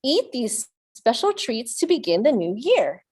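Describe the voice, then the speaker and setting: A woman leads a children's storytime from a webcam, reading each line slowly and clearly. Her voice sits a bit high and swings widely in pitch, playful and coaxing as she makes animal sounds with the children. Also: big pitch swings, darkish tone. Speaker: children's librarian.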